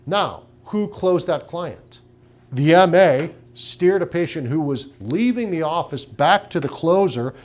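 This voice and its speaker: A man's voice: fairly high pitch, animated, a little slow, a little mellow. A middle-aged man giving a business training talk to clinic owners, emphatic and punchy, with rhetorical questions. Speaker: practice consultant.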